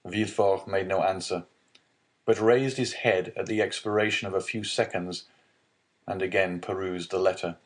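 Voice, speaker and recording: A man narrating a classic novel as a calm bedtime audiobook, reading slowly and evenly. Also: low voice. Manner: slow, even, soothing reading. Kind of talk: calm scripted narration for sleep.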